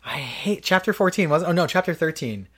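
A man co-hosting a video game podcast, laid-back and quick to laugh, with casual swearing. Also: on the high side, animated, fairly bright tone, slightly rough. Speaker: podcast co-host. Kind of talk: casual chat.

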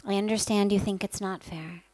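A woman telling of a calm Lord of Death. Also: medium pitch, normal speed, dry recording, natural voice, rough recording. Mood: patient.

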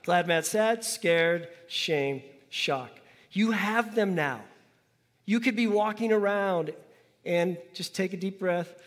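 Guy pastor giving a sermon in church, casual talky style, gets folks to say stuff back, long echo tail. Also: high-pitched. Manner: conversational, asks the congregation to repeat after him. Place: church sanctuary. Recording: long hall reverb.

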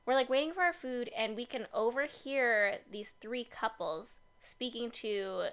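A woman's voice: a little high, a little slow, a bit bright, clear, resonant tone. A young woman co-hosting a casual podcast in a basement home studio, playful and teasing. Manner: playful, teasing, laughs often. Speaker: podcast co-host. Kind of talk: casual chat.

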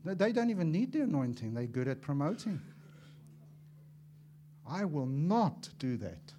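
A man preaching a sermon as an evangelist, impassioned and swinging from loud to hushed, acting out little dialogues as he tells stories. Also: a little high, big pitch swings, measured pace, a little hiss or hum. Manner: acts out dialogue in storytelling.

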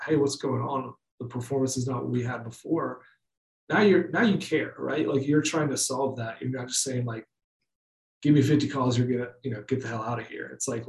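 A man's voice: medium pitch, a little mellow. A man talking casually about managing sales teams, with lots of fillers and restarts. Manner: conversational, many fillers and restarts. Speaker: guest. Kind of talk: casual business chat. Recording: roomy, distant mic.

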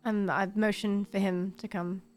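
A woman's voice: mid-range voice, flat delivery, a little slow, faint music behind. A woman playing a tabletop game, speaking plainly and firmly. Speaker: player.

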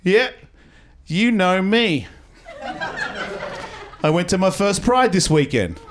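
Speaking slowly with big swings in his high pitch, an Australian man rambles through crude stand-up and banters with people in a comedy club. Background noise is present, and the live audience laughs throughout.

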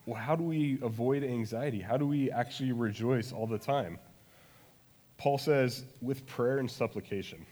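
A man preaching a casual, chatty sermon as pastor, self-deprecating and now and then acting out prayers with sudden loud passion. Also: medium pitch. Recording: long hall reverb.

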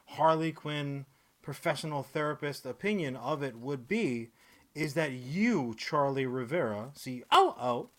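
A man co-hosting a podcast, rambling and swearing freely, cracking jokes in quick bursts. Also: on the high side. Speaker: podcast co-host. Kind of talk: casual podcast chat.

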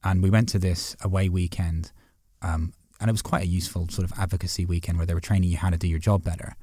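A Northern Irish man, a barrister guest, talks rapidly and passionately in a casual conversation, arguing and telling stories. His voice sits fairly low. The recording is dry and close. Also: fairly even intonation, mellow, dry recording. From Northern Ireland. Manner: fast, passionate, argumentative storytelling.

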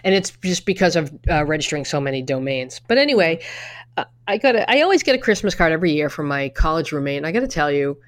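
A woman's voice: deep voice, sing-song, fast. A middle-aged woman co-hosting a casual chat, telling personal stories with lots of restarts and the odd swear word. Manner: chatty storyteller with frequent restarts and swearing. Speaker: podcast co-host.

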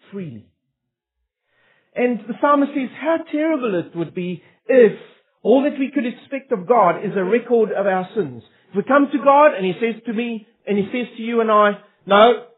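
A pastor with a high, husky voice preaches a sermon earnestly and emphatically, posing rhetorical questions to his listeners. The recording sounds tinny, like a phone.

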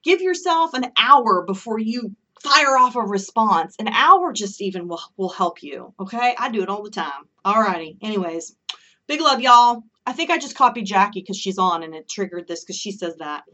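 A woman's voice: mid-range voice, expressive, normal speed, pushed and bright, distant mic. A woman delivering an impassioned solo monologue, emphatic and ranting, often checking in with "okay?".

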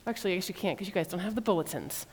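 A woman's voice: lowish voice, expressive, fast talker, long reverb tail. A woman preacher teaching an informal sermon, chatty and humorous, with laughing asides. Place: church.

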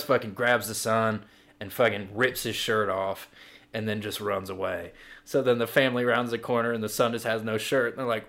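A man's voice: medium pitch, steady tone, moderate pace, creaky, sharp tone. Crude laughing man riffing a story. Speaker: podcast co-host. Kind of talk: improvised comedy storytelling.

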